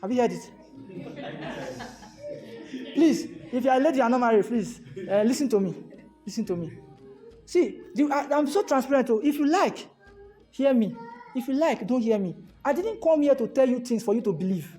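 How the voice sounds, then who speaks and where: A Nigerian man giving a motivational talk to a live audience, animated and fond of repeated rhetorical questions, slipping into pidgin. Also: very high voice, moderate pace, pauses often, faint music behind. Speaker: motivational speaker.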